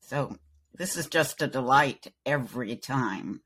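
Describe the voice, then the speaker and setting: A woman's voice: rumbling low, expressive, a little slow, fairly bright tone, breathy edge. An older woman from Wales, a voice actor guest in an interview, talking with wry, dry humor. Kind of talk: casual interview chat.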